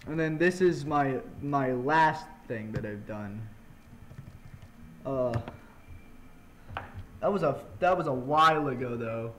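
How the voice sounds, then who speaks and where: This gaming channel host talks through a casual let's-play at home, mouth full as he chats and eats, with the mic pressed up to his lips. His mid-range voice is slow and fairly bright, broken by long pauses. Slight background noise sits underneath.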